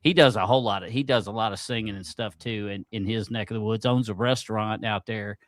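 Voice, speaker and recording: A man hosting a podcast in casual chat, rambling with many pauses and fillers, friendly and profane. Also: lowish voice, fairly even intonation. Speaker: podcast host.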